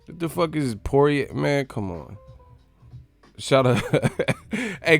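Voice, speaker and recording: A man's voice: fairly high pitch, sing-song, takes it slowly, gravelly, pauses often, dry recording, faint music behind. A man hosting a boxing channel live stream, ranting in casual, profane, mocking chat.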